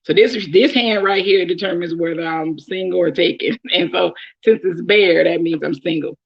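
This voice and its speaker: Her voice is fairly low, gravelly and slightly rough, moving at a normal speed over dull audio. This young Oakland woman has a Bay Area accent and talks casually to the camera, fielding follower questions with frequent laughter and many ums.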